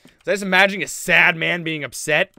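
A man's voice: on the high side, steady tone, brisk, pushed and bright. A young man giving jokey, casual commentary while playing a horror game and reading its text aloud. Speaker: let's play host.

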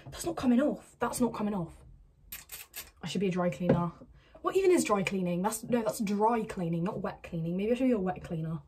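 A woman's voice: medium pitch, expressive, a little fast, dark tone, a little hiss or hum. A woman chatting casually to camera as a vlogger, rambling to herself while getting ready at home. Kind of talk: casual vlog chat. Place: at home, indoors.

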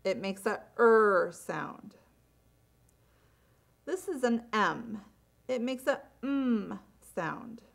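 Slow, lively-pitched woman teaching phonics. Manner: clearly enunciated, drawn-out letter sounds. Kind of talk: slow, deliberate phonics instruction.

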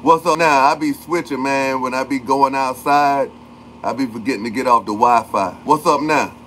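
This livestream host has a mid-range, steady, slightly bright voice and keeps a moderate pace. Chatting casually, he uses loose slang and calls out chatters by name over a faint hiss or hum.

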